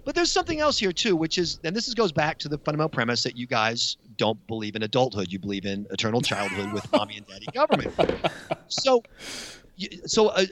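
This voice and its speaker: A man with an American accent arguing his side in a studio debate, sarcastic and animated. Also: mid-range voice. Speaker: studio guest.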